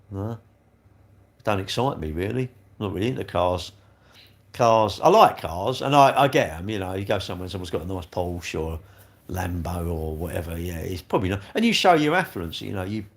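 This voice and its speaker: An older English man with a gravelly, fairly low voice hosts a casual livestream. He reads out viewer comments and answers them with blunt, cheeky banter, tossing in "mate" and "innit."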